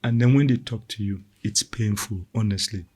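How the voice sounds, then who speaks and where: A middle-aged man talking casually about parenting, animated and quick to act out the voices of the people he quotes. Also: fairly low pitch. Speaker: parenting podcast co-host. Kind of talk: casual conversational talk.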